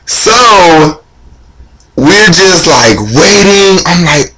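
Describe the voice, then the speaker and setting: A young man vlogging, excitedly retelling a story, his voice jumping high when he quotes himself, with lots of "like" fillers. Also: slow pace, crowd noise, poor audio. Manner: heavy use of "like" and casual fillers.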